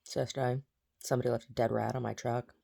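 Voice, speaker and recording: Brief: a woman with a deep, low voice, talking casually, blunt and agitated, heavy on profanity. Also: little pitch movement, quick pace, gravelly, dark tone, slightly rough. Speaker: vlogger. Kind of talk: casual vlog rant.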